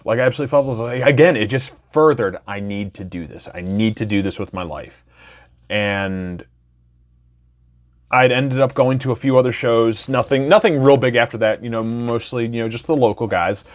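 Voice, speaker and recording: A man's voice: medium pitch, fairly quick. A man in his thirties from Wisconsin telling his personal story in a candid, enthusiastic, casual way. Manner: candid, enthusiastic, loose with fillers. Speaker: podcast host.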